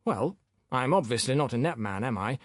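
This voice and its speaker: A man's voice: medium pitch, lively intonation, normal speed, no echo, studio quality, close to an everyday voice. A male narrator voicing a boorish, insolent young man who talks back cockily and indignantly. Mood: self-righteous. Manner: cocky, indignant, sullen.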